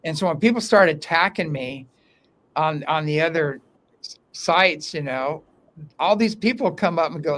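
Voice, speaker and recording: A man talking as a guest in a casual interview, telling stories in an animated way with frequent restarts, speaking from an underground room. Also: on the high side, moderate pace. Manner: animated, talkative storyteller with many restarts.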